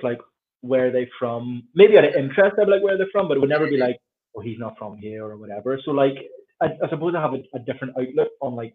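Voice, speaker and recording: A Northern Irish man in his thirties, chatting as a podcast guest and acting out little quoted exchanges as he tells his stories. His voice sits at an ordinary middle pitch. It comes through thin and tinny, like a phone line. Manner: animated storyteller who acts out quoted voices. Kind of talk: casual conversation.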